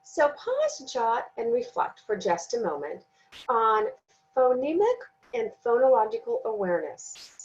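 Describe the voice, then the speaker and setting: A woman giving a recorded training lesson, speaking slowly and deliberately and sounding out words syllable by syllable. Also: a little high, sing-song, lo-fi sound. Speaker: teacher trainer.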